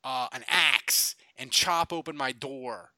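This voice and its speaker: A man's voice: mid-range voice, slow pace, bright, forceful tone, no echo. A middle-aged man from Louisiana telling rambling sports stories in casual chat, full of fillers and restarts. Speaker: podcast co-host.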